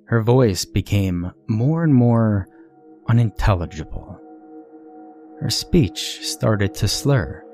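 A man reading a horror story aloud in a somber, steady manner. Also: on the low side. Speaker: narrator. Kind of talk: scripted horror narration. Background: faint music.

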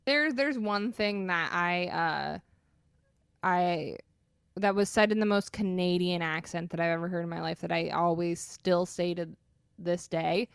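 A woman's voice: on the low side, measured pace, gravelly, smooth, dry recording, studio quality. A young adult woman co-hosting a casual podcast, talking in an enthusiastic, rambling way and laughing as she goes. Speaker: podcast co-host. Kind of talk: casual chat.

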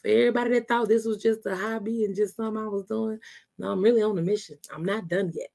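A woman's voice: mid-range voice, fairly even intonation, fast, creaky, dark tone. A woman hosting her own podcast in a laid-back, chatty way, laughing often and sounding tired after a workout. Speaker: podcast host. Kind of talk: casual podcast chat.

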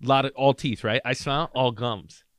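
A man's voice: medium pitch, a little fast, dry recording, clean studio sound. A man in his thirties, co-hosting a podcast and telling a story in casual chat, acting out the people he quotes. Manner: animated, acts out quoted voices. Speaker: podcast co-host.

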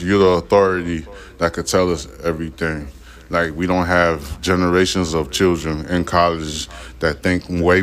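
A man hosting a podcast, reading news aloud and breaking into irritated, profane rants. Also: low voice. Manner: profane, irritated ranting between read passages. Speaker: podcast host.

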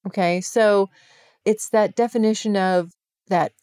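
A woman's voice: mid-range voice, fairly even intonation, a little slow, a little mellow, no room sound, studio quality. A woman hosting her own podcast, talking casually and candidly to her listeners, with laughs and the odd swear word. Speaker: podcast host. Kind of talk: casual solo podcast monologue.

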